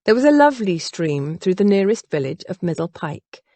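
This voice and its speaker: Woman, audiobook narrator, low voice, animated reading. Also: normal speed, no echo. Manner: expressive, varied delivery. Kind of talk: scripted narration.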